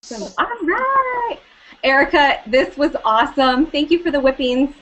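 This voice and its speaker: Upbeat, slightly high-voiced woman host. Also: very animated, a bit bright, highs cut off. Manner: upbeat, quick affirmations and easy laughter. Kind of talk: casual interview on a web show.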